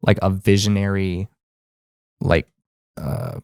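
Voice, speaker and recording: A man's voice: sits low, takes it slowly, creaky, a little mellow, clean tone, no room sound, studio quality. A man co-hosting a podcast, chatting casually with enthusiastic agreement. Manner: enthusiastic, frequent backchannels. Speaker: podcast co-host. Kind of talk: casual chat.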